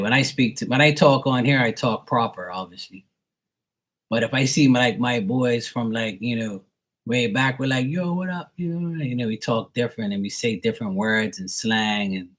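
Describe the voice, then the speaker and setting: On his livestream, this young tarot reader from Bermuda rambles casually, leaning on fillers and repeating words in a mild Bermudian accent. His voice is on the low side with a bit of brightness.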